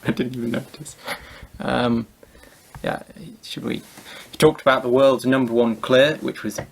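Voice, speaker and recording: Gravelly, husky man chatting and joking. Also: medium pitch, level tone, normal speed. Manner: chatty, joking, backs up the other speaker. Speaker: co-host. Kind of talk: casual conversational debunking.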